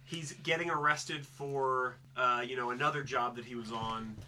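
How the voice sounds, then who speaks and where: Bright-voiced man chatting about a movie. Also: medium pitch, normal speed, slight background noise. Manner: animated, acts out movie lines in quotes. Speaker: podcast co-host. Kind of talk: casual movie discussion.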